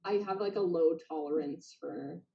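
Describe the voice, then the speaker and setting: A woman's voice: low-pitched, normal speed, vocal fry. A woman speaking as a guest in a casual chat. She answers hesitantly and leans on fillers. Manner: hesitant, filler-laden replies. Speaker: guest black belt. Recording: dull lo-fi sound.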